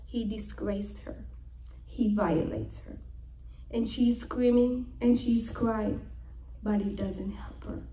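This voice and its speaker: A woman's voice: medium pitch, fairly even intonation, slow, dark tone, rough recording. A young woman teaching a scripture lesson through dramatic storytelling, acting out the quoted lines with emphasis. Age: young adult. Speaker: Torah teacher.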